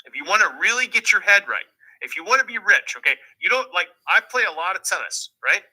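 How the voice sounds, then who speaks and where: A man's voice: high voice, very animated, a little fast, pushed and bright, poor audio. A man giving money advice in a lecturing way, asking rhetorical questions and answering them himself. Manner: emphatic, repeats rhetorical questions. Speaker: financial commentator in a played clip.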